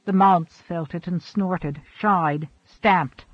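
A man narrating an audiobook in a steady, expressive storytelling manner. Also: sits high, slow, no echo. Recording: dull, dry recording.

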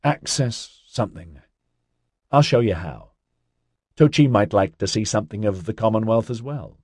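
A man voicing a wry, matter-of-fact grown man in an audiobook, speaking in his own low voice. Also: normal speed, a little mellow, breathy edge, no echo, studio quality. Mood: weary.

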